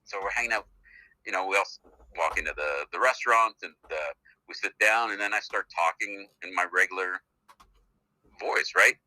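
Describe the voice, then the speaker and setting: Canadian male actor, middle-aged, phone guest; chatty rambler, low-pitched, very bright and tense. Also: moderate pace, dry recording, rough recording. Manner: chatty, rambling storyteller with many fillers. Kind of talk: casual phone interview. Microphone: phone call.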